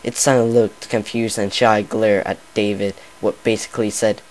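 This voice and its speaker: A man's voice: fairly low pitch, little pitch movement, normal speed, darkish tone, rough recording. A man casually reading a fan fiction story aloud, often stumbling and restarting his words. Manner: stumbling, many fillers and restarts. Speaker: story reader.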